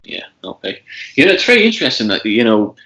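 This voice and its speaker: A man hosting a podcast, asking questions in a halting way with restarts and frequent "you know.". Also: mid-range voice, very animated, bright, forceful tone. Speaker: podcast host. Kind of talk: interview questions.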